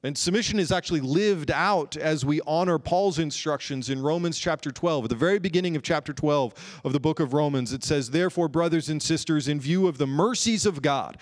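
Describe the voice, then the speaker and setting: A man preaching a sermon in an earnest way, slowing down and drawing out key phrases for emphasis. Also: on the high side. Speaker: pastor.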